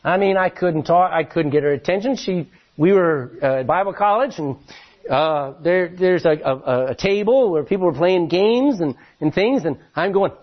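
A man preaching a sermon as pastor, telling stories in an animated way with many restarts, his voice a little husky. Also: high voice, normal speed, highs cut off.

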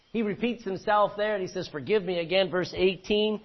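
A man's voice: sits high, moderate pace, lo-fi sound. A man preaching an expository sermon. He reads scripture verse by verse, then explains it with questions to the congregation. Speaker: pastor.

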